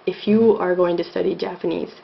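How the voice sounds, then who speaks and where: A woman's voice: fairly low pitch, fairly even intonation, a little fast, vocal fry. Chatty woman teaching with many ums. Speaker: language teacher. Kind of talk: casual video lesson. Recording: dull lo-fi home video, faint hiss.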